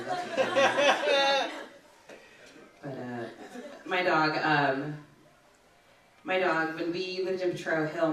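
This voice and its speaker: A woman's voice: deep voice, background noise. A woman stand-up comedian telling chatty stories and bantering with the audience, recorded on a comedy club stage. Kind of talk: stand-up set with crowd work. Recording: echoey club, distant mic, audience laughter.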